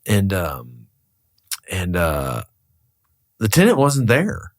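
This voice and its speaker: A man's voice: sits low, wildly swooping pitch, drawn-out words. A man, a real estate broker, telling stories casually as a podcast guest, laughing often and swearing freely. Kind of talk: casual storytelling in a podcast interview.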